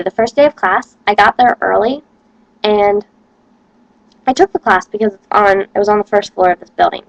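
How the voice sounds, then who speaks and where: A woman's voice: medium pitch, creaky, no echo, dull audio. A young woman, a college student, rambling casually to camera and complaining with lots of "like". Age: young adult.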